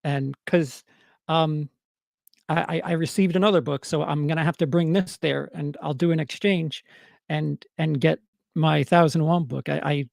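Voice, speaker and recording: A man with a New York accent talks casually on a livestream, stumbling through repeated restarts as he answers his chat. His voice sits a bit high and is heavily gravelly with fry. The sound is dry and close. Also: steady tone, no echo. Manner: halting, many stammered restarts and fillers.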